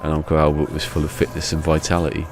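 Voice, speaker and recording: A man talks fast while streaming a game, chatting casually and rambling through stories with frequent chuckles. Music plays in the background, and a steady rumble sits behind his voice.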